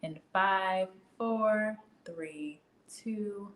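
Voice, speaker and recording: A woman's voice: medium pitch, very slow, a little hiss or hum, poor audio. A woman with a Midwestern American accent hosting a casual live trivia stream, chatting and reading viewer comments aloud with frequent laughter. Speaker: livestream trivia host.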